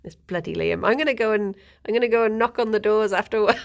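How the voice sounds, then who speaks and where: A young woman streaming, telling a story in a casual, giggly, animated way. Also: medium pitch, quick pace, vocal fry. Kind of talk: casual chat.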